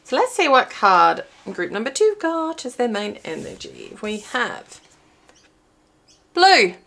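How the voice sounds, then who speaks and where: A woman's voice: a little high, sing-song, measured pace, gravelly, sharp tone, slight background noise. A woman giving a pick-a-card reading to viewers, chatty and thinking aloud as she pulls cards while filming herself. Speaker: intuitive card reader. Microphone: filming herself while watching a small screen.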